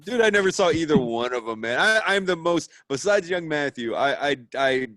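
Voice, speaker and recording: A man's voice: fairly high pitch, lively intonation, moderate pace, fairly bright tone, no echo. A man co-hosting a casual podcast chat, rambling with stammering restarts and frequent laughs. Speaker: podcast co-host.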